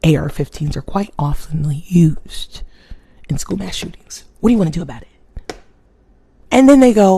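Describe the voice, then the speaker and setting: A woman from Connecticut with a local accent, hosting a live stream on her phone and talking in an animated, opinionated, chatty way with her viewers. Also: fairly low pitch, moderate pace, creaky, long pauses, husky. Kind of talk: casual live-stream talk.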